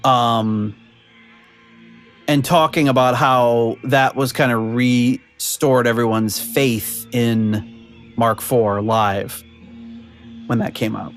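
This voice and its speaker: A man's voice: mid-range voice, steady tone, slow, pauses often, soft background music. A man hosting a podcast in casual chat over a video call, rambling with lots of fillers and frequent laughs. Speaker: podcast host.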